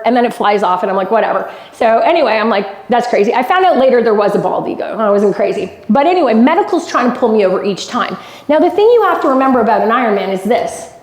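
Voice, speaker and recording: A woman from Canada with a fairly high voice delivers a motivational speech and tells her story with emphatic repetition. The sound carries the echo of a large event room. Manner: emphatic storytelling, repeats lines for effect. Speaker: keynote speaker. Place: golf club event hall.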